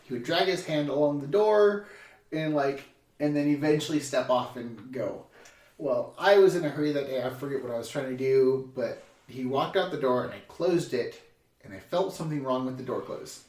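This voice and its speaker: A man's voice: medium pitch, normal speed. A young man hosting a casual podcast chat, telling stories with acted-out quotes and frequent laughter. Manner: animated storyteller, acts out quotes loudly, laughs often. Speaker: podcast host. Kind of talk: casual conversation. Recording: echoey room, mic at a distance.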